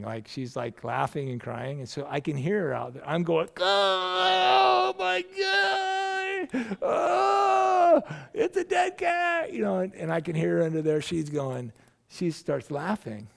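A man's voice: medium pitch, creaky, a little mellow. A middle-aged man, a pastor, preaching a sermon in a loose, conversational storytelling way, often restarting his sentences.

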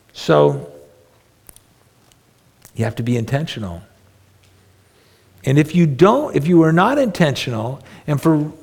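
Middle-aged pastor guy, real gravelly voice, casual preachy talk w some jokes, big echoey church. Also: on the high side, darkish tone. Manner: earnest, conversational, self-deprecating humor. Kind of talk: sermon. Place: church sanctuary. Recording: long reverb of a large hall.

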